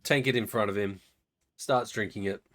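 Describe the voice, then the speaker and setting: A man with a fairly low voice runs a tabletop game session, stopping and restarting often with loose fillers. He laughs at his own jokes as he describes the scene. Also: normal speed, a bit bright. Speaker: game master.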